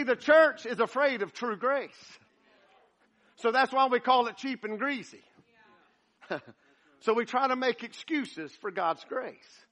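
A man's voice: very high-pitched, pushed and bright. A man preaching a sermon as pastor, folksy and joking with his congregation.

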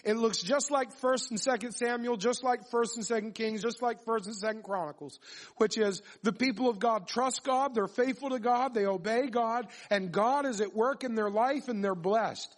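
A man's voice: extremely high pitch, normal speed. A man preaching a sermon, reading scripture aloud and then building his points with repetition and questions to the congregation.

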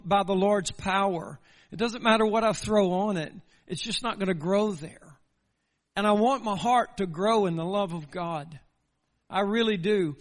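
A man's voice: sits high, in a large hall. A man preaching a sermon in a church, earnest and building through repeated rhetorical questions. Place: church sanctuary.

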